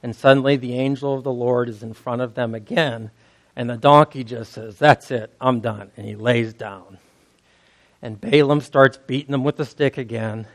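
A man's voice: mid-range voice, steady tone, moderate pace. A man preaching, retelling a story in a casual, conversational way. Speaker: pastor. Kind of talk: sermon storytelling.

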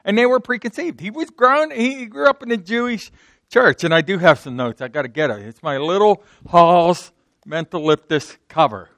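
Guy preaching in church, kinda high voice, slight sore throat, dry close sound, talks loose and repeats himself. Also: animated, normal speed, fairly bright tone, no room sound. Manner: conversational, repeats words, restarts sentences. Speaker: pastor. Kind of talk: off-the-cuff sermon.

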